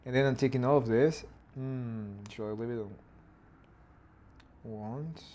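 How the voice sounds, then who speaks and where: A man's voice: mid-range voice, a little slow, darkish tone. A man, thinking aloud as he animates and mimicking a dog's barks. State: hoarse throat. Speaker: animator streaming his work. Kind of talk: casual narrated work session.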